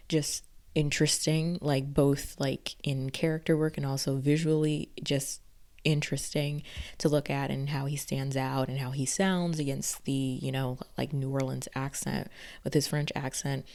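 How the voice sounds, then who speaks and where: Low-voiced, gushing woman. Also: darkish tone. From Southern United States. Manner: gushing and emphatic, leans heavily on "like". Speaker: TV series reviewer. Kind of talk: casual review vlog.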